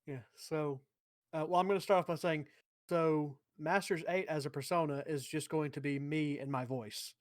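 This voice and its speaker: A man's voice: fairly high pitch, fairly even intonation, moderate pace, dry recording. A man chatting casually on a podcast about his own writing, rambling, with fillers and self-corrections.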